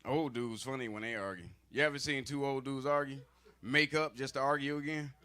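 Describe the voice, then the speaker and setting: A man doing a profane, conversational stand-up comedy set on a club stage, slipping into gruff voices for arguing old men. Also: mid-range voice, steady tone, brisk, sharp tone. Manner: profane, loose, conversational delivery with asides to the audience.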